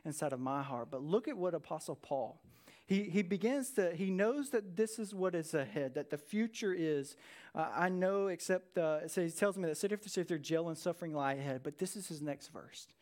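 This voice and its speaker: High-voiced energetic preacher man. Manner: energetic, conversational preaching with dramatic pauses. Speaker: pastor. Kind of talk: sermon.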